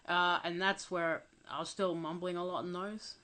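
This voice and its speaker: Low-voiced young woman, mumbling. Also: fairly even intonation, normal speed, bright, forceful tone. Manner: mumbling, hesitant. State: recovering from illness. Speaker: channel host. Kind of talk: casual audio commentary. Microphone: home desk microphone.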